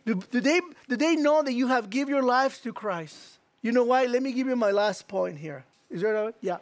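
A man preaching a sermon as pastor, reading scripture slowly and asking the listeners direct questions. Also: extremely high pitch, lively intonation, no room sound. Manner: emphatic, slows down to read scripture, asks the crowd direct questions.

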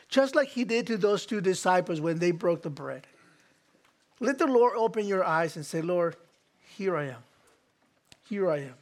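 A fairly high-pitched man preaches a church sermon as its pastor. He talks earnestly, repeats his key lines, and trips into small restarts as he goes. His delivery stays sincere and direct. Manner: earnest, repetitive preaching with restarts and acted quotes. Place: church hall.

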